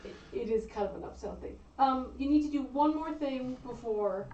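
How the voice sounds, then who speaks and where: A woman's voice: high voice, lively intonation, normal speed, mellow, lo-fi sound, a little hiss or hum. A woman co-hosting a stream, prompting and teasing her partner in casual chat. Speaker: livestream co-host. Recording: echoey room, far from the mic.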